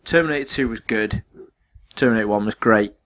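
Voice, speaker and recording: A man's voice: on the low side, fairly quick, fairly bright tone. A man co-hosting a casual podcast chat, making blunt, sarcastic remarks. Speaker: podcast co-host.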